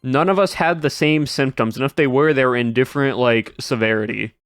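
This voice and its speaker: A man's voice: medium pitch, brisk, fairly bright tone, clean tone. A man streaming, chatting casually to his viewers in a rambling way with lots of "like" and restarts. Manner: rambling, full of "like" and restarts, laughs often.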